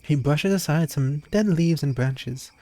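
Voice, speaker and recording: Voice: mid-range voice, a little slow, dark tone. A streamer reading a game's narration aloud, playful, with laughing asides.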